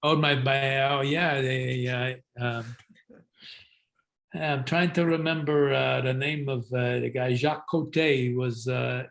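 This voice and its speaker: A man's voice: mid-range voice, fairly even intonation, slow, vocal fry, fairly bright tone. An older man, a guest actor, telling stories in a casual interview, rambling with many fillers and restarts. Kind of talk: casual interview talk, storytelling.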